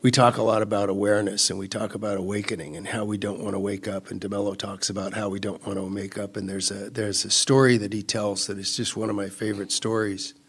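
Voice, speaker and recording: A man's voice: on the low side, flat delivery, quick pace, few pauses, breathy edge. A man from California speaking at a recovery retreat, rambling through his story with many restarts and easy laughter. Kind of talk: personal talk at a recovery retreat.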